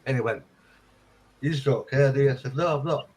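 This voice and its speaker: A man's voice: medium pitch, brisk, darkish tone, a little hiss or hum, rough recording. A man in casual chat, swearing freely and acting out both sides of remembered conversations. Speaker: friend in conversation.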